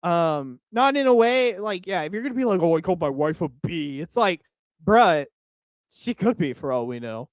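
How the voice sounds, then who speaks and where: Animated, exasperated young man reacting. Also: high-pitched, a little fast, few pauses, dry recording. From Oklahoma. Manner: animated, crude and exasperated, with frequent restarts. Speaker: streamer reacting to a video. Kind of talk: casual reaction commentary.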